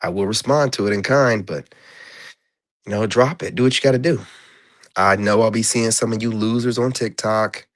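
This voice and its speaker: A man ranting in a casual vlog monologue, blunt and profane, rambling with lots of fillers. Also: fairly low pitch. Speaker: vlogger. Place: indoors.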